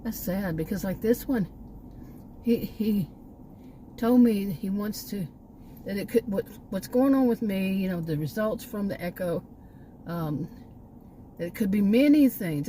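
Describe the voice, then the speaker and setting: A woman's voice: medium pitch, animated, a little slow, long pauses, dark tone, a little hiss or hum, rough recording. An older woman rambling in a casual home vlog, cynical and often out of breath, with many restarts. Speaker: vlogger.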